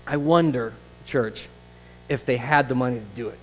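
A man preaching a sermon in a conversational, animated way, acting out the voices he quotes. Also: medium pitch, normal speed, in a large hall, low-quality recording. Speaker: pastor.

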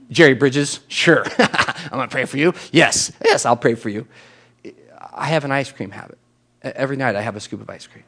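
Storytelling pastor, casual and self-mocking. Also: male voice, medium pitch, a bit bright. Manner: conversational storytelling with self-deprecating humor. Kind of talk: sermon.

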